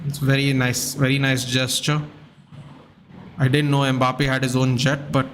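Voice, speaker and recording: A man's voice: mid-range voice, a little slow, slight background noise. A man streaming a live football watchalong, chatting casually and reading out viewer comments. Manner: chatty, reads out viewer comments, excitable at goals.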